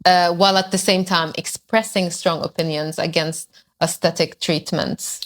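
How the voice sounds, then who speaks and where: A woman with a slightly low voice hosts a conversation podcast. She asks pointed, probing questions and pushes her guest on each point. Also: steady tone, normal speed. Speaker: podcast host.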